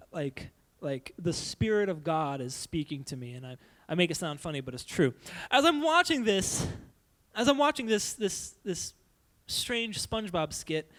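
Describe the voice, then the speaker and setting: A young man giving a playful, animated youth sermon, acting out silly voices as he goes. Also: high voice. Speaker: youth pastor.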